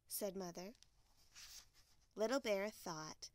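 Woman, bedtime story narration, soft, measured, unhurried, dry sound. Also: mid-range voice, vocal fry, no echo.

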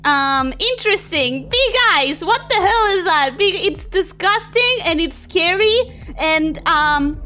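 A woman streaming a game, reacting excitably, swearing freely and answering her chat. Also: very high voice, slow, few pauses, slight background noise. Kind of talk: live gameplay commentary with chat replies.

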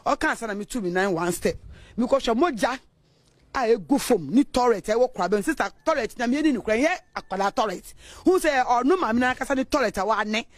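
A woman neighbor telling an interviewer in a lively way what she witnessed, acting out the voices she quotes. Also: a little high, fairly quick, no room sound. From Ghana. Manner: animated storytelling, acts out quoted voices. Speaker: neighbor giving witness account. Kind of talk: interview account in Twi.

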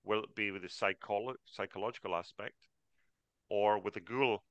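A man with a lowish, crisp, forceful voice hosts a live online class over a video call. He is chatty and greets each attendee by name. The sound is dry and close. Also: steady tone, a little fast, dry recording, dull audio. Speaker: trading coach hosting the class.

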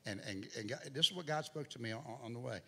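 In a church sanctuary thick with hall reverb and faint noise, a middle-aged guest preacher shares his sermon testimony. His medium-pitched voice is quick, husky, pushed, and bright, swelling and dropping with the story.

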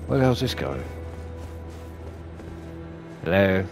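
Sweary gamer over game music. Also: male voice, deep voice, slow pace. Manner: sweary, excitable, talks to enemies. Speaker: gaming YouTuber. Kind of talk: let's play commentary.

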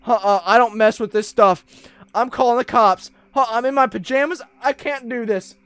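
An actor playing a panicky young man in pajamas who keeps repeating himself in a low-budget horror film. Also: moderate pace, a bit bright, clean tone, no room sound. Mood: panicked. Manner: frantic, breathless, repeats himself. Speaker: witness at a corn maze. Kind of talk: amateur horror film acting.

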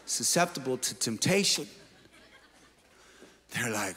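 A male pastor preaching a sermon, moving between shouted exhortations and playful asides. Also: medium pitch, a little slow, big-room sound. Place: church auditorium.

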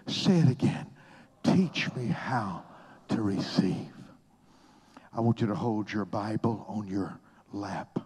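An older man preaching a sermon with a husky, breathy voice. He takes his time, drops into hushed whispers, then bursts into loud, high exclamations. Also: slow.

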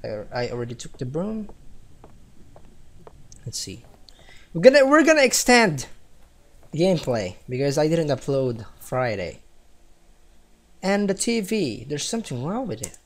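A man's voice: a little high, wildly swooping pitch, unhurried, pauses often. A man from the Philippines casually commentating a game, chatty and giggly, reading the game's text aloud. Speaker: gaming let's-player.

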